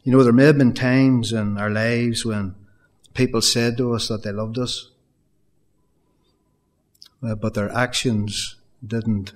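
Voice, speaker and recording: A man preaching a sermon in an earnest style, repeating phrases for emphasis and addressing the congregation directly. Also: fairly low pitch. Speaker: pastor.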